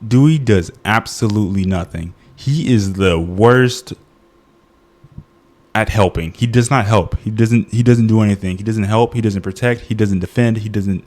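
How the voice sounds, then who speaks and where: A man's voice: lowish voice, a little slow, darkish tone. A man giving a casual, comedic movie review, ranting in exasperation, often laughing and restarting his sentences.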